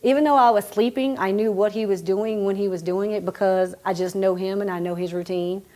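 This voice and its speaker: A woman tells a deeply personal story. She talks conversationally and emotionally, full of "you know" and "like", at an ordinary middle pitch. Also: steady tone, fairly quick, warm tone. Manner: conversational, many fillers, emotional. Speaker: police officer's widow.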